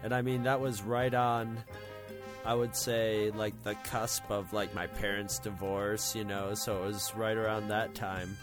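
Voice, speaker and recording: A man's voice: on the low side, level tone, measured pace, over music. A man co-hosting a casual podcast on a studio microphone, making wry jokes. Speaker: podcast co-host. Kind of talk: casual chat.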